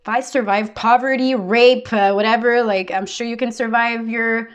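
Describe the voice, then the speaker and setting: A woman's voice: on the high side, fairly even intonation, normal speed, smooth. A woman giving a casual tarot reading, talking bluntly with lots of fillers and swearing. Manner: blunt, profane, full of fillers. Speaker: tarot reader.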